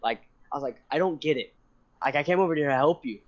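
A young man telling a long story in casual chat, rambling and animated, swearing and laughing often. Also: on the high side, fast talker. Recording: dull lo-fi sound.

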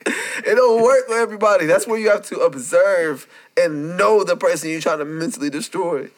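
A young man with a notably high-pitched voice chats on a podcast. He tells stories with a lot of profanity and acts out the back-and-forth of arguments. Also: moderate pace. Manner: profane, animated storytelling with quoted exchanges. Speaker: podcast co-host. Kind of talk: casual chat.

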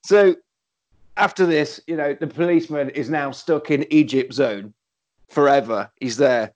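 A man with a fairly high voice retells a film plot in a casual chat. He talks in an animated, joking way and swears freely. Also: measured pace. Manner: animated, acts out characters in quotes, laughs often, swears. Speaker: podcast co-host.

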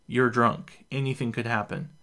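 A man's voice: mid-range voice, moderate pace, natural voice. A man doing a kind, patient young soldier. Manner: calm, gently teasing.

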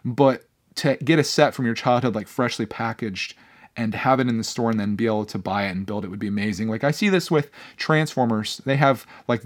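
Young man, podcast host, casual solo talk, earnest, chatty, lots of fillers and restarts. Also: mid-range voice.

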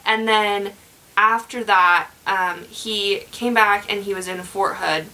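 A woman's voice: medium pitch, fairly even intonation, slow, bright, forceful tone, rough recording. A young woman hosting a podcast, telling a true crime story in casual chat, rambling with many fillers and restarts.

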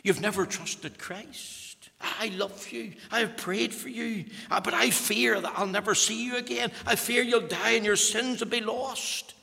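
A man's voice: high voice, fairly even intonation, measured pace, gravelly, few pauses, sharp tone, voice pushed up, heavily acted. A man voicing a dying father who pleads tenderly with his unsaved son, in an echoey hall. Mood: pleading.

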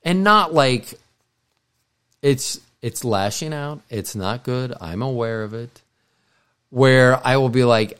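A man's voice: mid-range voice, slow, long pauses, fairly bright tone, clear, resonant tone. Rambling middle-aged male podcast host. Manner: meandering, frequent restarts and self-corrections. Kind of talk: casual rambling monologue.

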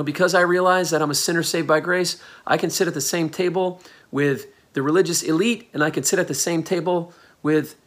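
Husky-voiced man preaching a sermon. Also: fairly high pitch. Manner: animated storytelling, acts out quoted voices. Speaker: pastor.

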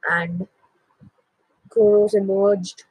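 Slow, joking teenage boy storyteller. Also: high voice, little pitch movement, darkish tone, breathy edge, dry recording, poor audio. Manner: jokey asides, self-corrections. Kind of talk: casual myth retelling.

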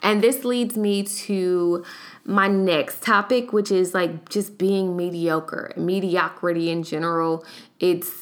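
A woman's voice: lowish voice, fairly even intonation, slow pace. A young adult woman vlogging in a casual, chatty way, retelling stories with slangy asides. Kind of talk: casual storytime vlog.

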